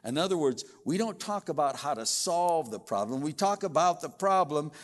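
A man's voice: on the high side, animated, moderate pace. Man, pastor preaching, conversational, stumbling restarts, acted-out quotes, long hall reverb. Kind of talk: sermon.

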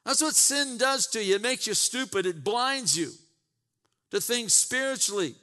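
A man's voice: very high-pitched, lively intonation, normal speed, pushed and bright. A man preaching a sermon, retelling scripture with emphatic asides and repeated words. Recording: long reverb in a large hall.

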